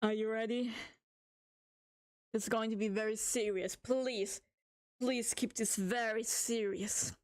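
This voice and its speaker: Woman on stream reading spooky stories, kinda high voice, jokey and sweary. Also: steady tone, unhurried, darkish tone. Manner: joking, giggly, swears often. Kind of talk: reading horror stories on a livestream.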